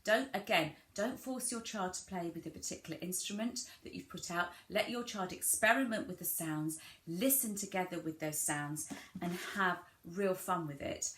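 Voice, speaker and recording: A woman giving a gentle instructional talk to parents, demonstrating play ideas and modelling simple words in an exaggerated sing-song way. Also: lowish voice, normal speed. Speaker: family centre early years practitioner. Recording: echoey room with clear background noise.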